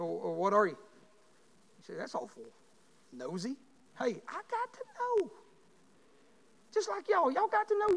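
A man, preaching a sermon in a church by telling a story, rising from quiet talk to shouting. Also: high-pitched, creaky. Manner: builds to shouting. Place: church sanctuary. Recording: long hall reverb.

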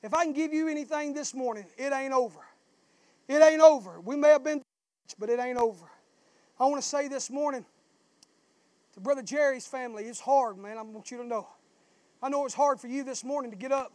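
High-voiced shouting preacher. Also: male voice, brisk, pauses often, no room sound. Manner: southern-style preaching, swells into shouting. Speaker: pastor. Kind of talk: sermon.

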